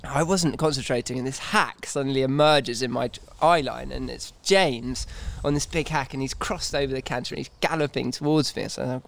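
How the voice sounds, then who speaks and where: A man, a racehorse trainer, telling a lively anecdote in casual chat with stammering restarts. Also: medium pitch, a little fast, vocal fry, few pauses, no room sound. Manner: animated storyteller, stammering restarts, laughing through anecdotes. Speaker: racehorse trainer and podcast co-host.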